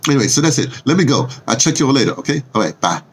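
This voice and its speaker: A man's voice: mid-range voice, big pitch swings, rapid-fire, a little hiss or hum. An older man from the Bronx, a vlogger rambling casually with lots of fillers and restarts. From New York, the Bronx.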